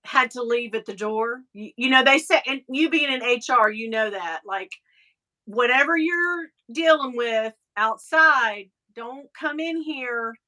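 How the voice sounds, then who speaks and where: A woman with a Southern US accent hosting a casual live chat, animated and quick to laugh as she reads viewer comments. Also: a little high, rough recording. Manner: chatty and animated, laughing often, breaks into mocking voices. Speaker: live show host.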